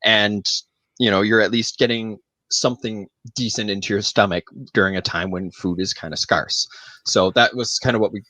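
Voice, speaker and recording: A man with a lowish voice chats on a podcast and tells a loose, meandering story packed with ums and likes. The sound is dry and close, with no room echo. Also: fairly even intonation, normal speed, pushed and bright. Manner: rambling, filler-heavy storytelling. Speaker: podcast co-host. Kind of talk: casual chat.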